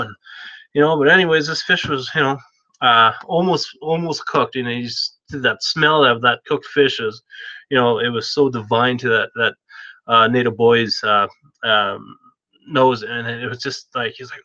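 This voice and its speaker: A man's voice: mid-range voice, unhurried, bright, forceful tone, dry recording. A man telling a story in a casual, rambling way, with many restarts, on a dull lo-fi recording.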